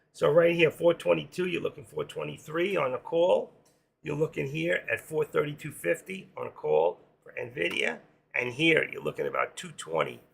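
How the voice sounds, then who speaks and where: A hoarse man hosting a live trading stream, rambling casually to himself and his viewers as he works through charts. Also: fairly high pitch. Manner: rambling, talks to himself while working charts. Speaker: livestream trading host.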